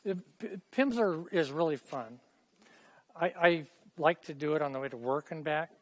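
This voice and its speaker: A man's voice: a little high, moderate pace. Chatty man teaching a Hebrew class. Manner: chatty, repeats phrases for students to echo. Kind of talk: classroom language lesson. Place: classroom with students.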